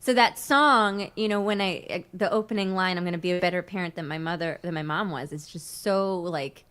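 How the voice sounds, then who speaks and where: A woman's voice: lowish voice, moderate pace, clean tone. Chatty laughing woman. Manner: chatty, laughs often, animated storytelling. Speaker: host. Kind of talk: casual livestream chat.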